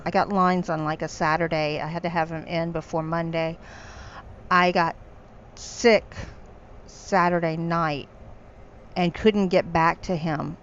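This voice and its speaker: A chatty woman talks her way through stories on a live podcast, laughing often. Her voice sits a little low. The recording is dull and lo-fi, with a faint hiss behind her. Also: steady tone, measured pace, pauses often, fairly bright tone. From North Carolina, USA. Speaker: podcast co-host and voice narrator. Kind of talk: casual chat on a live stream. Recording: dull lo-fi sound with faint noise.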